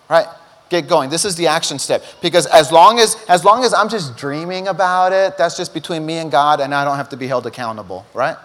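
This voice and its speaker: A middle-aged male pastor preaching a sermon, telling stories animatedly and acting out quotes. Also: high-pitched. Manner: animated storytelling, acts out quotes. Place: church auditorium. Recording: long hall reverb.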